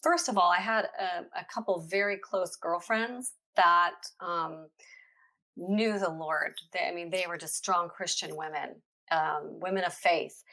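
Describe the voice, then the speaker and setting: A woman's voice: lowish voice, pushed and bright. A middle-aged woman speaking as a podcast guest, sharing a heartfelt faith testimony in an earnest, conversational way with frequent hesitations.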